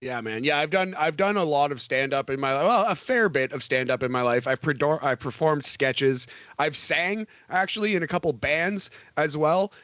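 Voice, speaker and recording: A man's voice: fairly high pitch, lively intonation, normal speed, hardly any pauses, a bit bright, no room sound. A man co-hosting a podcast, talking casually and animatedly about wrestling, swearing and laughing often. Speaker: podcast co-host.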